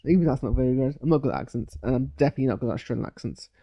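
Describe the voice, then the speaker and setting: A man giving a loose, hesitant live reaction to a TV episode, full of fillers and restarts, with sudden bursts of excitement. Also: medium pitch, racing. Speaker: video reviewer. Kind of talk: live post-watch reaction.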